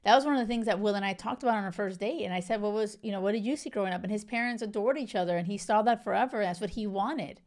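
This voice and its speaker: A woman's voice: medium pitch, quick pace, hardly any pauses, a little mellow. A young woman hosting a casual talk about a reality show, effusive and chatty, with many fillers and restarts. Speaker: host. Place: lives in Spain.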